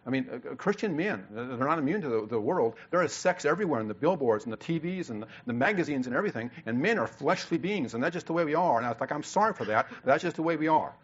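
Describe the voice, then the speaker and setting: An older man from Illinois preaches at a quick clip, moving from quiet, low storytelling to loud, pushing calls to action and often repeating his words as he goes. The recording sounds dull and a bit lo-fi. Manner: storytelling, swings from low asides to loud exhortation. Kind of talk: sermon.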